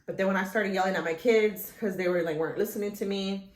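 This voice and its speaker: A woman's voice: medium pitch, fast talker. A woman in her thirties vlogging casually about her recovery, rambling with many restarts, her chest sore after surgery. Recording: echoey room.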